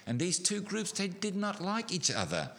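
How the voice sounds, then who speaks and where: A middle-aged man preaching a sermon, animated, building to emphatic peaks with frequent restarts. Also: high voice, moderate pace.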